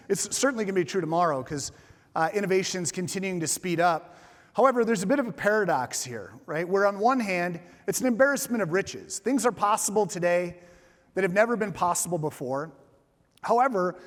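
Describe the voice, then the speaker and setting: Man, high voice, conference keynote, casual and joking, stage mic, long hall reverb. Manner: casual, joking, many fillers. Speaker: keynote speaker.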